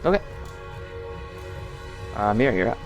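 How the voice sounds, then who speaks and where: A man narrates a tabletop fight as dungeon master, in a casual, animated way that now and then slips into swearing. His voice is gravelly, and his pitch swings widely. Faint music plays behind him. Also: slow pace, muffled recording.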